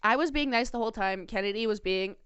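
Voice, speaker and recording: A woman's voice: mid-range voice, quick pace, a bit bright, clear, resonant tone, no room sound, dull audio. A woman co-hosting a podcast, telling stories in blunt, profane casual chat. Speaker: podcast co-host.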